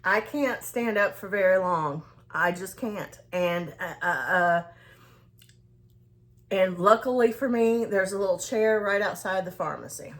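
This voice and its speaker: A woman chats into her camera like she is telling a friend a story, circling back and restarting her sentences as she goes. Her voice sits at a middle pitch for a woman, and she keeps the tone easy and conversational. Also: animated, measured pace. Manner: rambling, many restarts and fillers. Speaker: skincare and self-care vlogger. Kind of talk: casual storytelling to viewers.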